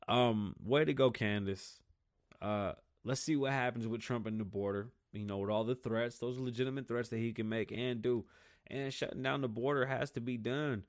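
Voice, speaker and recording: Male podcast host, mid-pitch, dry close sound, profane and combative. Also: no room sound. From United States. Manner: profane, heated, talks in bursts and mocks people in loud voices. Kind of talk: ranting solo podcast monologue.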